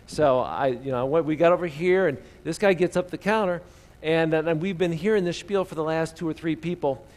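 A man preaching a sermon in a relaxed, conversational storytelling way, often asking his listeners questions. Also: fairly high pitch, brisk.

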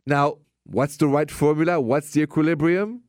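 A man hosting a radio advice show, speaking in an upbeat, emphatic and animated way. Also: fairly high pitch, normal speed, dry recording, clean studio sound.

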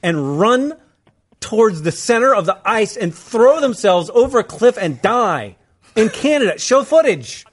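A man co-hosting a podcast in casual chat, jokey and excitable, breaking into loud outbursts. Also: sits high, a little slow, husky. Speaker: podcast co-host.

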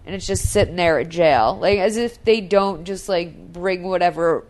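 A woman's voice: on the low side, normal speed, a little mellow. A woman hosting a podcast, chatting casually and sarcastically about a movie scene by scene, with lots of "like". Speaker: podcast host. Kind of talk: casual movie recap chat.

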